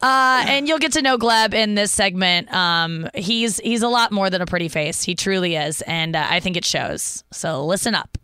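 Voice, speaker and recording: A woman's voice: medium pitch, moderate pace, hardly any pauses, pushed and bright, clean tone, dry recording, studio quality. A woman hosting a podcast in casual chat, rambling and self-deprecating with many fillers and restarts. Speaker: podcast host.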